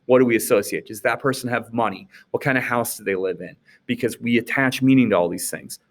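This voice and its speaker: This is a recorded recap of a classroom lecture given by an American man with a medium-pitched voice who talks fast. His teaching style is casual and conversational, full of rhetorical questions and frequent "okay?" check-ins.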